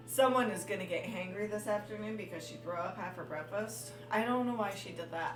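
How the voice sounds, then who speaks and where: A woman live-streaming while she bakes, chatting in a rambling, casual way, swearing freely and cooing in a high voice at her dogs. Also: brisk, few pauses. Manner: coos in a high voice when talking to her dogs. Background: music.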